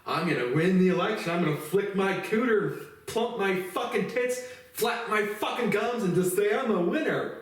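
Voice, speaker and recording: A man's voice: high-pitched, animated, normal speed, voice pushed up. A man putting on the voice of a giddy, boastful woman politician in a mocking, exaggerated sneer. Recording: echoey room, mic far off.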